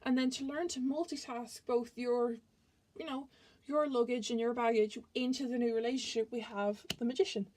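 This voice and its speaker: A woman's voice: a little high, steady tone, normal speed, darkish tone. A woman giving a casual tarot reading to her viewers, talking in a chatty, rambling way and often restarting her sentences. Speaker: tarot reader.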